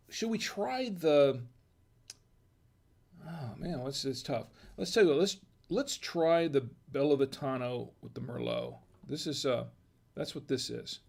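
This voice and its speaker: Gravelly-voiced man chatting through a tasting. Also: measured pace. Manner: relaxed, chatty, thinks aloud with restarts and low asides. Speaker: host of a wine tasting show. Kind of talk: casual wine and cheese tasting chat.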